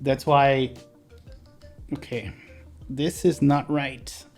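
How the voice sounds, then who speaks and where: A man's voice: medium pitch, level tone, drawn-out words, darkish tone, faint music behind. Chatty Brazilian man streaming a build. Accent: Brazilian Portuguese. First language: Portuguese. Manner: chatty, laughs often, answers chat while working. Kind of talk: casual live-stream chat.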